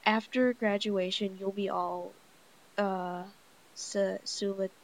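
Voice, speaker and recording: A woman's voice: medium pitch, level tone, slow pace, rough recording. Petula, a woman reading as a spiteful teen cheerleader. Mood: taunting. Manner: spiteful taunting. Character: nasty, hurtful teen girl head cheerleader.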